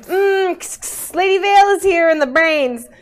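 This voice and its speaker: A woman's voice: extremely high pitch, normal speed. A woman playing a tabletop game, bubbly as she describes her move. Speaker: player. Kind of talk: casual tabletop play.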